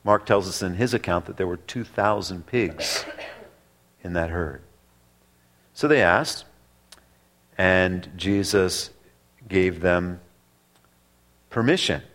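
A man preaching a sermon that works through a passage, speaking deliberately with drawn-out pauses and emphatic repetition. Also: low-pitched, a bit bright. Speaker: pastor. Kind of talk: expository sermon.

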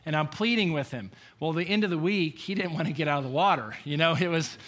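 A man preaching a conversational sermon, telling personal stories in an animated way and chuckling as he goes. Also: on the high side, quick pace. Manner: storytelling, animated, chuckling often. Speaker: pastor.

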